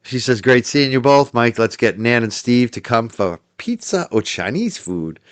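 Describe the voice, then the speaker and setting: A man is hosting a livestream, casually chatting while he reads and thanks viewers' super chats, quick to laugh and prone to trailing off quietly. His mid-range voice swings widely in pitch at a normal speed, with no room sound.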